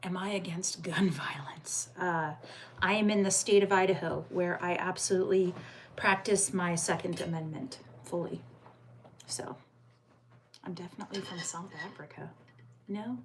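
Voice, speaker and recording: An American woman hosting a casual livestream from home. She chats and answers viewer comments aloud, and sometimes drops into soft muttered asides. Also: fairly low pitch, steady tone, moderate pace, a little hiss or hum. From United States. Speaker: livestream host.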